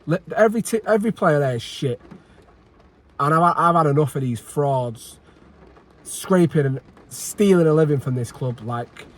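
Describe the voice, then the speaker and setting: A man's voice: fairly high pitch, expressive, moderate pace. A man giving an angry post-match reaction, frustrated and sweary, repeating himself and sighing. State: agitated. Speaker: football fan channel host.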